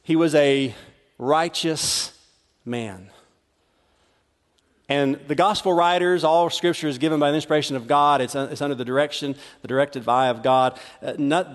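Middle-aged preacher guy, chatty sermon, repeats himself, big echoey church. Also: medium pitch. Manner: conversational, repeats words, dramatizes. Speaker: pastor. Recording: long hall reverb.

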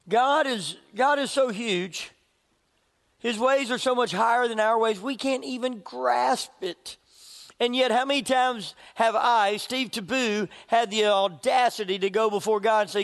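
A man's voice: sits high, unhurried. A man preaching a sermon as a pastor, conversational and jokey, often restarting his phrases. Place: church sanctuary. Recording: long hall reverb.

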